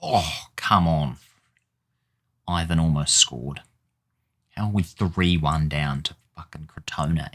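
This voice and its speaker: A man's voice: rumbling low, takes it slowly, fairly bright tone. A man giving casual gameplay commentary, exasperated and swearing as he mutters at the game. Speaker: gaming YouTuber.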